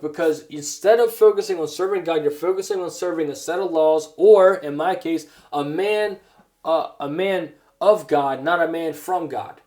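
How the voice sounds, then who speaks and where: A man's voice: a little high, darkish tone. Earnest man preaching a testimony sermon. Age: adult. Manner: earnest, halting with many restarts.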